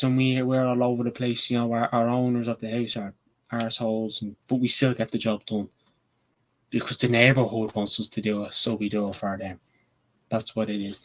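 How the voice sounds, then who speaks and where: Male channel host, loose unscripted fan chat, eager and swearing freely, mid-range voice. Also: mid-range voice. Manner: rambling, excitable, swears casually. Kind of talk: casual match preview chat.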